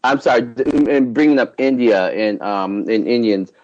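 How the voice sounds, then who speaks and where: A man's voice: medium pitch, moderate pace, darkish tone, muffled recording. A man hosting a casual podcast chat, rambling with many restarts and frequent laughter. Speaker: podcast host.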